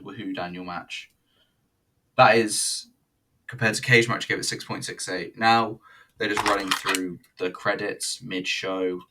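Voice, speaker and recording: A man's voice: sits low, pushed and bright. A man reviewing a wrestling show in casual, rambling commentary, blunt and sweary. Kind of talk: casual commentary over footage.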